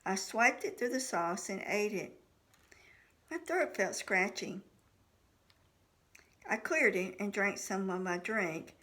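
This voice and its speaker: A woman's voice: medium pitch, takes it slowly, pauses often, a bit bright. A woman reading her own novel aloud in the first person, voicing the dialogue of each character. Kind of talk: audiobook narration.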